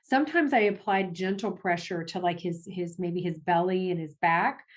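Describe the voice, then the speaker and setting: A woman, a parent advocate, speaking as a guest in a conversational interview, animated, with frequent restarts and laughs. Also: normal speed. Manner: animated, acts out family quotes with big pitch jumps.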